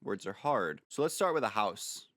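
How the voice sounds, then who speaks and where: Guy doing laid back game commentary, kinda low voice, dry close sound, goofy little asides. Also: very animated, normal speed, a bit bright, dry recording. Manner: jokey and rambling, with playful asides. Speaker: Minecraft video creator. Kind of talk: casual gameplay commentary.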